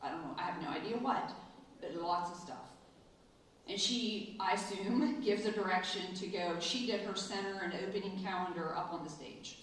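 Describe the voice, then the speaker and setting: A middle-aged woman, a school administrator, telling a personal story in a ceremony speech and acting out the quoted lines with lively voices. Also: medium pitch, slight background noise. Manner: storytelling, animated in quoted asides. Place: large echoey hall. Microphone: distant from the mic. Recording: echoey hall, voice from far off.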